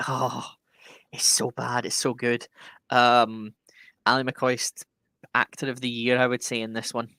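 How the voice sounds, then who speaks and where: A man co-hosting a sports podcast, chatting casually and enthusiastically with a quick sense of humor. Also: mid-range voice, completely flat delivery, a bit bright, clean tone, no room sound. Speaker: podcast co-host.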